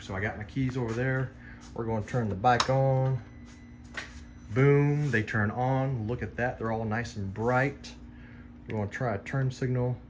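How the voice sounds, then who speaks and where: A man's voice: medium pitch, a bit bright, slight background noise. Laid-back man rambling through a bike install. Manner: loose, rambling, self-deprecating, addresses viewers as guys. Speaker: motorcycle vlogger. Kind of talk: casual how-to walkthrough.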